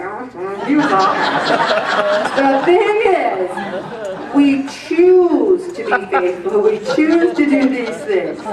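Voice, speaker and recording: A woman in her fifties giving a preachy motivational talk to a group, earnest, with humorous asides. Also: a little high. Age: 50s. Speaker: weight-loss group leader. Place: meeting room with an audience. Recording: echoey room, voice from a distance.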